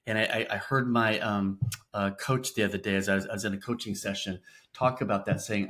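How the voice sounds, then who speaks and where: A man's voice: fairly low pitch, steady tone, fairly quick, fairly bright tone. A middle-aged man co-hosting a faith-based parenting podcast, talking in a rambling, encouraging, casual way. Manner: rambling, frequent fillers and restarts, encouraging. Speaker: podcast co-host.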